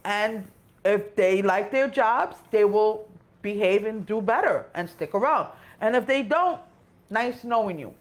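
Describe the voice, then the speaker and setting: A woman's voice: mid-range voice, lively intonation, a little slow. A woman with a Spanish accent, co-hosting a casual live stream, chatty and sympathetic, talking in short run-on phrases. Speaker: co-host.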